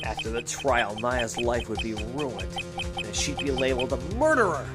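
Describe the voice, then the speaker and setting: A woman's voice: extremely low pitch, expressive, moderate pace, loud music behind the voice, voice pushed down. A woman voicing an earnest, resolute young male defense attorney, reading game dialogue aloud. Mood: brooding.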